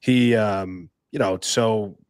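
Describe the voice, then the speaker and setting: A man's voice: on the low side, fairly even intonation, slow pace, a little mellow, clear, resonant tone, no echo, clean studio sound. A man co-hosting a podcast, rambling and exasperated, with many fillers. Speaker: podcast co-host. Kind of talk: casual podcast talk.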